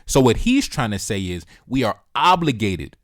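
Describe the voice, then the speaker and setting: A man's voice: mid-range voice, very animated, moderate pace, no room sound. A man hosting a reaction video, giving heated political commentary in a blunt, profane way and repeating his key points, close to the mic.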